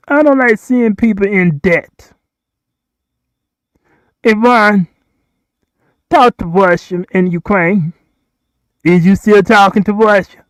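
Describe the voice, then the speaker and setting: A man's voice: high voice, slow pace, pauses often, clear, resonant tone, no room sound. A man hosting a rambling solo livestream, repeating himself and pleading with the countries he addresses. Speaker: livestream host.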